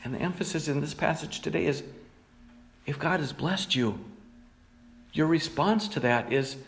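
A man's voice: on the high side, normal speed, long pauses, fairly bright tone. A middle-aged man, a pastor, preaching a sermon and reading scripture passages in a plain teaching tone.

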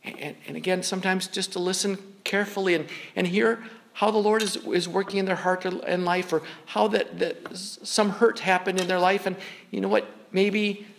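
A man with a notably high speaking voice delivers a sermon from the pulpit. He preaches in an earnest, conversational manner, often doubling back on words mid-sentence. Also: fairly even intonation, normal speed, vocal fry, a little hiss or hum. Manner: earnest, conversational preaching with frequent word repeats. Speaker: pastor.

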